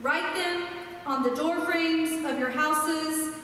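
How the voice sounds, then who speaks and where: A woman pastor preaches with passion, building emphatic lists one word at a time. Her voice sits high, and it carries from a distance through a long, echoing sanctuary. A faint hum of the room lies underneath. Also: slow pace, a bit bright. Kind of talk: sermon. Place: large church sanctuary. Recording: echoey hall, heard from far off.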